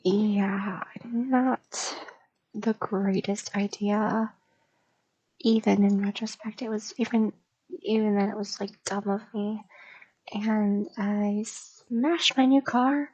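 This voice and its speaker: A young woman streamer rambling casually in an ASMR style, soft and drifting into whispers, with a slight stutter. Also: mid-range voice, no room sound, muffled recording.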